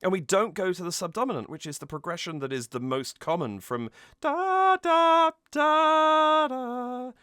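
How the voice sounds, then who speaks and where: A man's voice: a little high, lively intonation, fast, few pauses, no room sound, studio quality. A man reacting to and analysing a song cover, gushing with delight and humming bits of melody to explain it. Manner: gushing, hums and sings snippets to explain. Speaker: music reaction YouTuber. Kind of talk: enthusiastic musical analysis.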